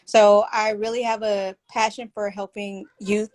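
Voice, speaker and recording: A woman author talks about her book in a relaxed interview, her voice mid-pitched and soft. She speaks hesitantly, pausing with fillers, over a video call. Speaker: author and therapist. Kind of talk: casual interview.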